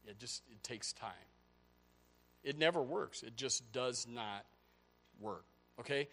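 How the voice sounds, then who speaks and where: A pastor preaching a sermon, swinging from loud, high outbursts to low, quiet stretches. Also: male voice, takes it slowly, long pauses. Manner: animated preaching, voice rising to near shouts and dropping low.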